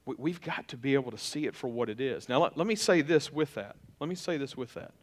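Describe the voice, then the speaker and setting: A man's voice: mid-range voice, animated, fast, few pauses. A middle-aged male pastor giving a conversational sermon, often repeating and restarting his phrases.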